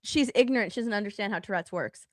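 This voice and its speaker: A woman's voice: medium pitch, quick pace, dry recording. A woman co-hosting a casual livestream, sarcastic and dismissive as she comments. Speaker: co-host.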